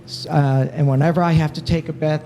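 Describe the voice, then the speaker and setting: A man's voice: on the high side, steady tone, a little fast, mellow, faint music behind. A man giving an emotional, encouraging speech to students at a summit, speaking into a handheld microphone. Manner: emotional, encouraging, self-deprecating. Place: large event hall at a university.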